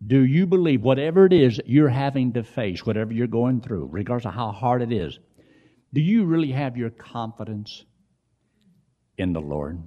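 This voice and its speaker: Older man, preacher, folksy sermon voice, very animated delivery. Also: medium pitch, lo-fi sound. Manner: swings from quiet storytelling to loud emphatic preaching; folksy, asks the congregation questions.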